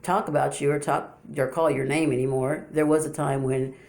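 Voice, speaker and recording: A woman's voice: low voice, steady tone, normal speed, darkish tone. Woman YouTuber, unscripted and repetitive, stammers through rhetorical questions to her viewers. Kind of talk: casual unscripted monologue.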